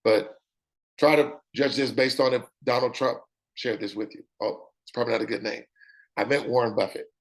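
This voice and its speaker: A man with a raspy voice delivers an animated sales-pitch demonstration. His pitch sits in an ordinary middle range. He keeps tossing in "okay?" to check that his listeners are with him. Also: fairly quick. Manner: animated, repeats "okay?" often. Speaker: presenter.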